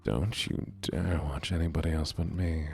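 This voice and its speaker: A man voicing a possessive, obsessive yandere lover who talks slowly in a low, threatening half-whisper. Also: steady tone, creaky, darkish tone, breathy edge, faint music behind, heavily acted. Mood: menacing.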